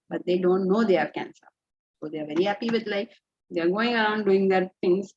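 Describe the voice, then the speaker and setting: Animated Indian woman teaching, lo-fi audio. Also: mid-range voice. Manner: animated storytelling, slips into Hindi phrases. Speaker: Vedanta teacher. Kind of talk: spiritual lecture. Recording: dull lo-fi audio.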